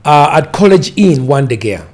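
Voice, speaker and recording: A man's voice: medium pitch, sing-song, moderate pace, a little mellow. A man in his fifties with a Ugandan accent, a pastor telling his life story in an interview, rambling and repeating words for emphasis. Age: 50s.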